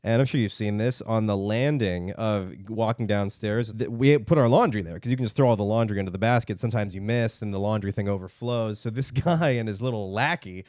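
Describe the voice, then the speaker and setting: A young man co-hosting a podcast, telling funny stories in a casual, animated way and acting out other people's lines in exaggerated voices. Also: fairly low pitch, brisk, few pauses, dry recording, clean studio sound. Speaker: podcast co-host. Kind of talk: casual comedic storytelling.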